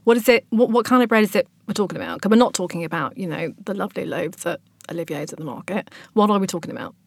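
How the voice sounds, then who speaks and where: Female host, mid-pitched, relaxed, dry studio sound. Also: fast talker, vocal fry, dry recording. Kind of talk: casual discussion.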